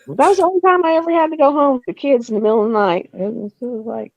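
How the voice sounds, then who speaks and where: A woman in her fifties hosts a live stream, chatting casually as she tells stories with laughs and acted-out quotes. Her voice is a little high, very fast and marked by vocal fry, and the recording has its highs cut off.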